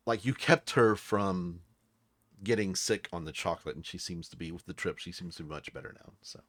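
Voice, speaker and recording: A man's voice: deep voice, brisk, fairly bright tone, no echo, studio quality. A man narrating as dungeon master of a tabletop game, laid-back and playful. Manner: laid-back, playful, slips into character voices.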